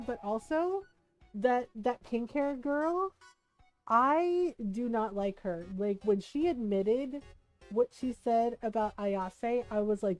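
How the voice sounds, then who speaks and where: A woman streamer chatting casually while playing a game, animated and swearing freely. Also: fairly high pitch, takes it slowly, faint music behind, rough recording. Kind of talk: casual gameplay commentary.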